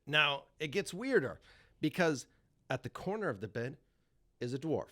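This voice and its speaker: A man's voice: on the high side, very animated, normal speed, a bit bright. A young man, a podcast guest, telling a story casually and animatedly, swearing and laughing as he goes.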